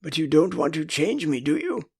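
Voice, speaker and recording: A man's voice: a little high, sing-song, normal speed, gravelly, a little mellow, breathy edge, exaggerated voice. An older man with an English accent voicing a prim, earnest, motherly young girl in an audiobook. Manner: prim, emphatic. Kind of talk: audiobook character voice.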